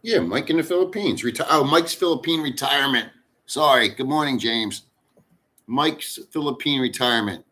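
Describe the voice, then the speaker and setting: A man's voice: medium pitch, moderate pace, bright, forceful tone. A middle-aged man chatting casually with live viewers, rambling and blunt, with frequent cursing. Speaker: livestream host. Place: in the Philippines.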